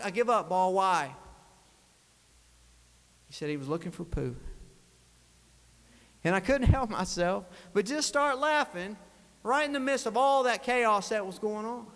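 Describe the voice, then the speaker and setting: Guy telling an emotional war story in a speech, pretty high voice, big echoey hall. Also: fairly bright tone. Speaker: state legislator. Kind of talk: farewell speech. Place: legislative chamber. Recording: long reverb of a large chamber.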